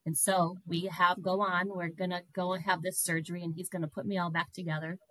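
Lively storytelling woman, low dry voice. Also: a little fast, dry recording, low-quality recording. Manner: animated, breaks into laughter. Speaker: guest. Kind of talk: personal storytelling.

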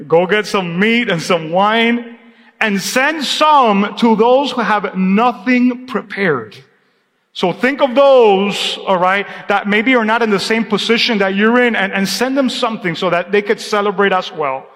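Preaching to his congregation, a pastor speaks expressively at a moderate pace in a high, bright tone, with call-and-response exchanges and sudden drops to a hushed voice for emphasis. The church hall's long reverb rings around his sermon.

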